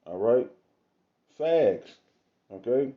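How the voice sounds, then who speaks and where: A man reading scripture aloud in a casual, slangy manner, with drawn-out asides between the verses, recorded on a phone or webcam. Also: medium pitch, animated, dull audio. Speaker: self-styled preacher.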